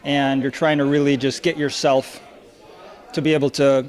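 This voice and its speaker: A man, a stage actor, chatting in a relaxed interview. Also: medium pitch, normal speed. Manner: chatty, relaxed, uses acted-out quotes. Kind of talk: casual interview.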